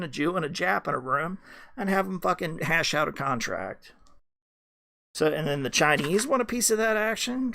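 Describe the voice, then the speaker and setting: A man's voice: fairly high pitch, creaky, sharp tone. A man hosting a podcast, ranting in a rambling monologue full of swearing and restarts. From United States. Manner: ranting, heavy swearing, many fillers and restarts. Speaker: podcast host.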